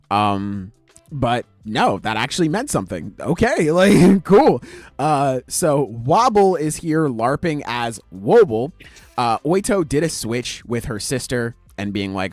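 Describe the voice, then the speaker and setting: A man's voice: mid-range voice, slow, no echo, faint music behind. Podcast host, man, loose and slangy, voice swings all over, dry close sound. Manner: animated, slangy, swears freely. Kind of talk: casual chat, retelling manga chapters.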